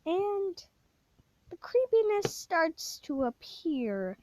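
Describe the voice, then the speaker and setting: A woman's voice: a little high, animated, takes it slowly, pauses often, no echo. A woman casually retelling a spooky game story, rambling with many fillers and self-corrections, sometimes dropping to a whisper. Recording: dull lo-fi dry recording.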